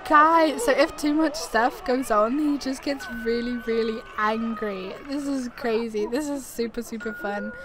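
A woman's voice: fairly high pitch, a little slow, few pauses, over music. A woman doing chatty let's play commentary at home on a desktop mic, narrating her moves and often laughing. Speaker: gaming YouTuber. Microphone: desktop USB mic.

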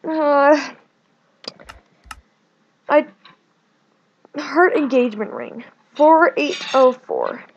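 A young woman chatting casually while playing a video game, rambling and swinging between whiny complaints and excited outbursts. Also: sits high, drawn-out words, long pauses, highs cut off, slight background noise. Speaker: gaming video creator. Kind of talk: casual let's-play commentary.

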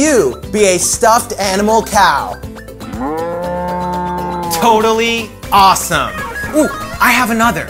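Slow, upbeat man hosting for preschoolers. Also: high voice, big pitch swings. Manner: upbeat, talks directly to young viewers; playful, acts out animals. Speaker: children's show host. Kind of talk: preschool educational presenting. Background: music.

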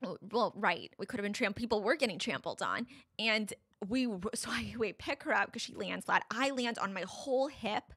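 A woman's voice: mid-range voice, expressive, moderate pace, hardly any pauses, fairly bright tone, slightly rough. A young woman, a podcast guest, retelling a frightening personal story in a breathless, vivid way full of "like"s.

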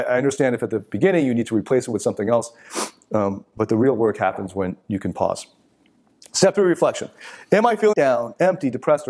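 A man's voice: mid-range voice, darkish tone. A middle-aged man giving a live motivational talk, blunt and profane, often acting out the voices of people he quotes.

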